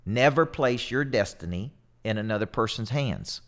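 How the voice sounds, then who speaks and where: Man, 40s, motivational coach; energetic, emphatic delivery with repetitions, mid-range voice. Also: mid-range voice, moderate pace. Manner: energetic, emphatic, repeats himself. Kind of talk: motivational talk to camera.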